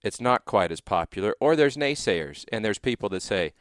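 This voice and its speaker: Male interviewer with a lowish voice, poses rambling, reflective questions in a dry, close sound. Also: expressive, moderate pace, no echo. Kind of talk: conversational interview.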